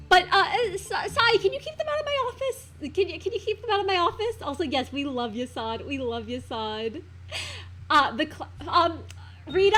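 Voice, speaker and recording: A woman VTuber streamer chatting casually on a live stream, gushing and excitedly thanking her chat. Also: sits high.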